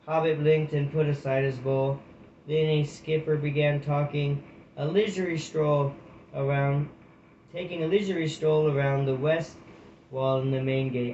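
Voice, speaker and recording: A man's voice: fairly high pitch, little pitch movement, normal speed, darkish tone, reverberant, lo-fi sound, a little hiss or hum. A man reading a children's fantasy book aloud, correcting small slips as he goes. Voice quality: reads with restarts and slips. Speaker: audiobook reader. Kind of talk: storybook narration.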